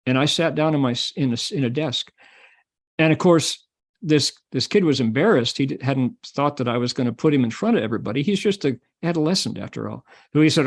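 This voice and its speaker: A man's voice: fairly high pitch, fairly quick. An older man giving a Buddhist Dharma talk, telling a story and acting out the people in it. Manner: switches between Mandarin and English, acts out quoted voices.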